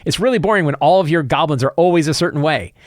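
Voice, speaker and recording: A man hosting a solo commentary show on tabletop role-playing games, talking in an opinionated, animated way with frequent restarts. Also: fairly high pitch, quick pace, no room sound. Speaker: show host.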